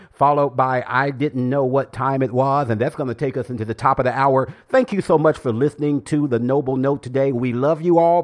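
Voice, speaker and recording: Male jazz radio DJ, playful and unhurried between records. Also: mid-range voice. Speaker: radio jazz show host. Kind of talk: casual radio DJ patter.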